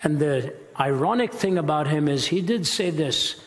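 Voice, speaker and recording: A man's voice: a little high, lively intonation, normal speed, long reverb tail. A man giving a passionate, emphatic sermon-style lecture on ethics, speaking as a Christian apologist.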